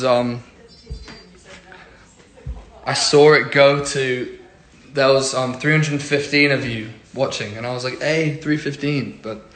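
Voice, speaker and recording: A young singer-songwriter chatting casually on a phone livestream, rambling with lots of fillers. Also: male voice, mid-range voice, fairly bright tone. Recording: roomy echo, faint noise.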